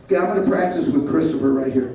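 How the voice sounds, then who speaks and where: A male martial arts instructor leading a school assembly, giving loud commands and calling for the kids to repeat after him. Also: on the high side, very fast. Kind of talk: school assembly talk with call-and-response. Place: large school hall or gym. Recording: echoey hall, distant, dull sound, faint crowd.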